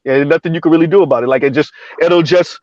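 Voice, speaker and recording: A man hosting a live stream in casual chat, rambling and repeating himself with quick asides. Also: a little high, darkish tone, no echo. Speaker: streamer host. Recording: dull lo-fi stream audio.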